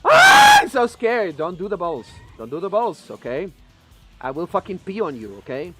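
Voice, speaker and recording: A high-voiced male streamer with a native Spanish speaker's English swings his pitch all over as he plays. He curses freely, pleads with the game and yells at it, with faint music playing underneath. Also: normal speed. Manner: profane, excitable, pleading with and yelling at the game. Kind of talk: live gameplay commentary.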